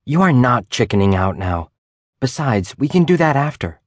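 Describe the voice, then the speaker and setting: A man reading a bold, teasing teenage girl in a thriller audiobook, in brisk, scolding tones. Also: mid-range voice, big pitch swings, no room sound, pitched above the performer's own voice.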